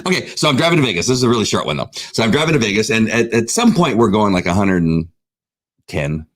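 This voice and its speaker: A middle-aged man, co-host of a casual talk show, telling a long story and acting out the voices in it. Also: fast talker. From Southern California. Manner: animated storyteller, acts out voices with big pitch jumps. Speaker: podcast co-host.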